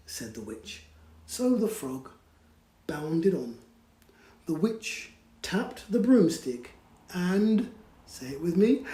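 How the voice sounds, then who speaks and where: Lively man reading a bedtime story. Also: sits high, slow pace, long pauses, reverberant, rough recording. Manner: animated, drops to whispers, invites children to join in. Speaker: children's storyteller. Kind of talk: read-aloud storytime for children.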